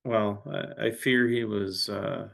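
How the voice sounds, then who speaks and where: A man's voice: on the low side, steady tone, creaky. A man playing a tabletop role-playing game, speaking hesitantly as his character. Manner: hesitant, halting. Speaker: player.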